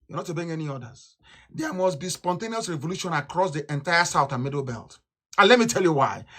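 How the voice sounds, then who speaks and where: Nigerian man, radio address, fiery and scornful, voice bright and forceful. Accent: Nigerian English. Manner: fiery and scornful, swings from shouts to low mutters. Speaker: radio broadcaster. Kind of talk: impassioned political radio address.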